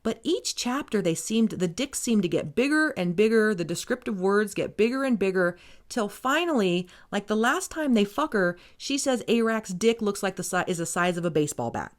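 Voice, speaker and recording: A woman's voice: mid-range voice, lively intonation, normal speed. A woman hosting a podcast, recapping a book in a casual, sarcastic, rambling way with plenty of swearing. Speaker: podcast host.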